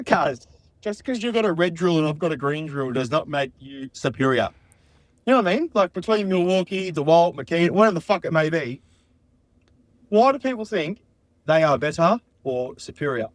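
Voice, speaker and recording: A man's voice: on the high side, animated, moderate pace, no room sound. A man calling in to a podcast, ranting and swearing about a workplace gripe. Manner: ranting, sweary, puzzled complaint. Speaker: caller.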